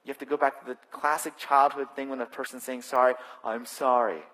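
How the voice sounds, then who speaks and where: A male pastor preaching a sermon in a conversational, animated way with touches of self-deprecating humor, speaking into a stage microphone in a church. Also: mid-range voice, fast talker. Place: church sanctuary. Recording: long hall reverb.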